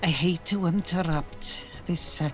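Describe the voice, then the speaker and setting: A woman's voice: lowish voice, unhurried, soft background music. Prim woman player on a muffled mic.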